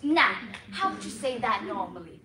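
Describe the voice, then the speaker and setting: A woman's voice: medium pitch, very animated, moderate pace, close to an everyday voice. A young woman performing a pompous, bossy female accent teacher on stage with a put-on British accent, theatrical and exaggerated. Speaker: student competitor performing a comic piece. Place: school auditorium stage. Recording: echoey hall from far off, noisy.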